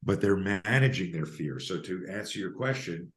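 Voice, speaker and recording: A man's voice: sits low, normal speed, a little hiss or hum. A man in his fifties from Canada, telling stories emphatically as a podcast guest and self-defense coach. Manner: emphatic, animated storyteller. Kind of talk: podcast interview storytelling.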